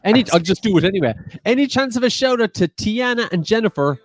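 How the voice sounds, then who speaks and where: Higher-voiced Cork man, teasing co-host. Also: animated, quick pace, no room sound. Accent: Irish, Cork. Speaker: quiz co-host. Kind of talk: casual livestream chat.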